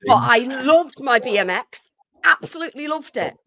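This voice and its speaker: A woman co-hosting a podcast who chats in an animated way, laughs easily, and swears casually. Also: sits high, normal speed, muffled recording. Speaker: podcast co-host.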